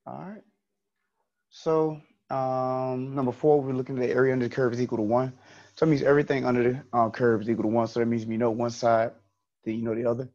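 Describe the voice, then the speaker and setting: A man's voice: medium pitch, level tone, quick pace, darkish tone, dull audio. A man teaching an online statistics class, explaining step by step and repeating key points.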